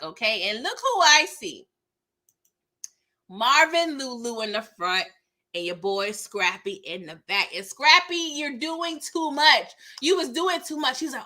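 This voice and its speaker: Woman host, live episode recap; bright, slightly high voice; animated and laughing. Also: moderate pace. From California. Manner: animated, laughing, acts out characters mid-story.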